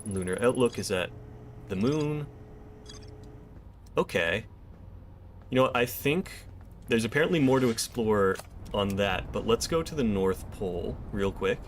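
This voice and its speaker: A man's voice: on the low side, animated, a little slow, long pauses, slight background noise. A man streaming a first playthrough of a video game, thinking aloud and chatting with viewers. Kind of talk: casual gameplay commentary.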